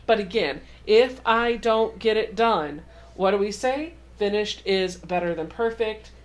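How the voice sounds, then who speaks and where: Slow-talking chatty woman teaching sewing. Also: medium pitch. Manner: chatty, step-by-step, self-deprecating. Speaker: quilting channel host. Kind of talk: casual sewing tutorial. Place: home sewing room.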